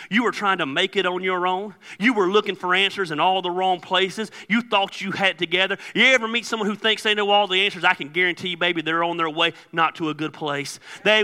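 Male pastor, storytelling sermon, bursts of shouting, long hall reverb. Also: high voice. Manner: joking storyteller, animated with sudden loud outbursts. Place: church sanctuary.

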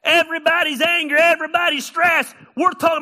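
Pastor, high bright voice, animated, shouts a lot while he tells stories. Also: moderate pace, hardly any pauses. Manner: animated, often shouting, storytelling. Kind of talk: sermon with comic stories.

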